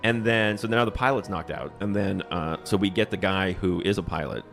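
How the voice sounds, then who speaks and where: A man's voice: low voice, brisk, gravelly, fairly bright tone, faint music behind. A man livestream host casually retelling a movie scene by scene, acting out the lines in silly voices. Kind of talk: casual chat.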